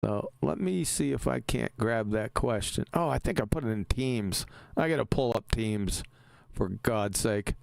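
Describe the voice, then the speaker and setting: A man's voice: mid-range voice, a little slow, vocal fry, dry recording. A man hosting a casual live stream, talking in an emphatic, argumentative way and laughing easily.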